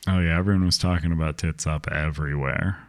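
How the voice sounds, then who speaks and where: A man's voice: rumbling low, steady tone, fast. A man co-hosting a podcast in casual chat, laid-back and dry, playing along with jokes. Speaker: podcast co-host.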